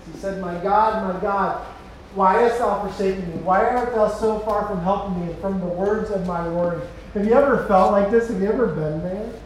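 A man preaching a sermon as a pastor, swinging between loud impassioned cries and hushed low passages. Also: slight background noise. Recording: echoey hall from far off.

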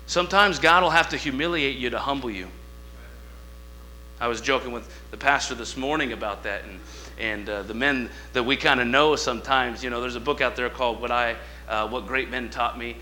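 A man preaching a sermon with passion, swinging between shouting and hushed asides, acting out dialogue in different voices. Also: mid-range voice. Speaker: guest preacher. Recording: mains hum behind the voice.

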